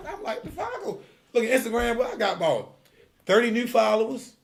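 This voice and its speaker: A man telling a story in casual chat, animated and full of slang, acting out quotes. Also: brisk, vocal fry, a little hiss or hum. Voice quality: heavy profanity and slang. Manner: animated storyteller, acts out quotes with rising pitch. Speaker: streetball tour organizer.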